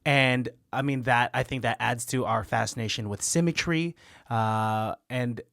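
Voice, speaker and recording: A man's voice: mid-range voice, measured pace, gravelly, fairly bright tone, no room sound, clean studio sound. A man co-hosting a podcast, talking in a rambling, hesitant way. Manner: rambling, hesitant, many fillers and restarts. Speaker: podcast co-host. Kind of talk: casual chat.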